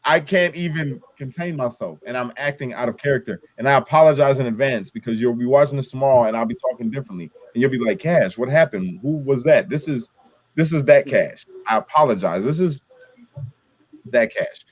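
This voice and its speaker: A man's voice: mid-range voice, fairly quick. A man hosting a casual political chat, angry, swearing and ranting. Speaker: show host.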